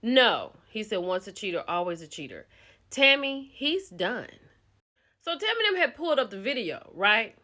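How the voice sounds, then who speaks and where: A woman host recapping a reality show in a chatty, animated storytelling way, speaking. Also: mid-range voice, moderate pace.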